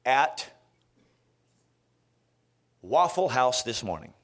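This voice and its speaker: Animated preacher from Florida. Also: male voice, mid-range voice, drawn-out words. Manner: animated storytelling with frequent restarts. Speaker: guest preacher. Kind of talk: sermon.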